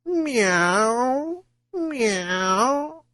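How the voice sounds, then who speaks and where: A man's voice: very high voice, sing-song, extremely slow, sharp tone, dry recording, studio quality, pitched above the performer's own voice, heavily acted. A man doing a greedy purring black cat. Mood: wheedling. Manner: phony purring, meowing.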